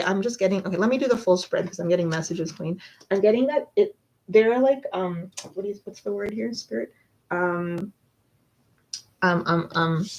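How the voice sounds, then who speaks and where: A woman's voice: mid-range voice, poor audio. A woman doing a live tarot reading, chatting casually and rambling with lots of fillers and self-corrections. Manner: chatty, rambling, many fillers and self-interruptions, laughs often. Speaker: tarot reader.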